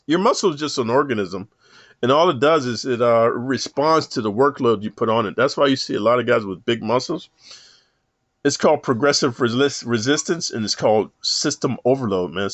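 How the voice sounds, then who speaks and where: A man giving a rambling, profane monologue to camera, rough street talk full of "man". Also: mid-range voice, no room sound. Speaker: self-help vlogger. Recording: dull lo-fi dry sound.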